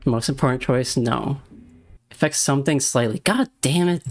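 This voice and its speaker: A man's voice: medium pitch, moderate pace. Young guy streaming a game, keeps cursing and grumbling at himself. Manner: exasperated, swearing, self-talking. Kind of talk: live game stream commentary.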